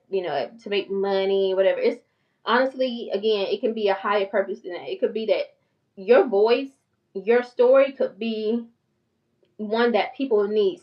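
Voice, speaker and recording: A woman in her forties with a country North Carolina accent, talking fast and passionately to her viewers in a casual vlog. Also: medium pitch, far from the mic, dull audio. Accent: Southern US, North Carolina country. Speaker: channel host and therapist.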